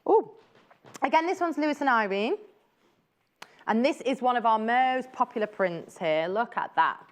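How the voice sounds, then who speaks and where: A woman's voice: fairly high pitch, very animated, moderate pace. A woman presenting fabrics on a live shopping channel, chatty and gushing as she exclaims over each print. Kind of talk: live TV selling chat.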